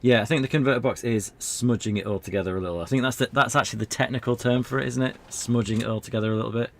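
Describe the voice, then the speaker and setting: A man's voice: mid-range voice, steady tone, rapid-fire, slight background noise. A man streaming an old adventure game, chatting casually in a rambling, self-deprecating way. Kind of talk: casual gameplay commentary.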